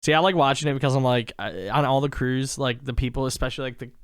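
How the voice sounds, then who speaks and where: A man's voice: mid-range voice, fast talker, clean tone, no echo, clean studio sound. A man co-hosting a podcast in casual, slangy chat, laughing often. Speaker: podcast co-host.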